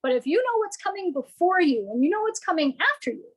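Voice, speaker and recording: A woman giving a lively, playful presentation to business owners, often acting out what customers might say. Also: very high voice, fast, low-quality recording.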